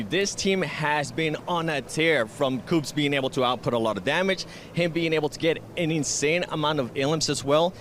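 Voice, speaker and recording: A man's voice: on the high side, animated, moderate pace, few pauses, a bit bright, a little hiss or hum. A man working as an esports analyst, giving casual, frank breakdowns of teams.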